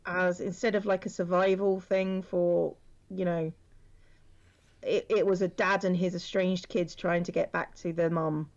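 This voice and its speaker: A woman's voice: on the low side, level tone, a little slow, darkish tone. Rambling woman on lo-fi audio. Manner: rambling, frequent restarts, dry complaints. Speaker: streamer guest. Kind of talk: casual chat while drawing.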